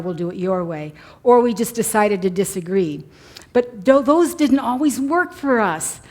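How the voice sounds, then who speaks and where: Older woman, conference presenter, animated storyteller, live mic in a church hall. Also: medium pitch. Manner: animated storytelling, mock voices. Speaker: workshop presenter. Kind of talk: conference talk.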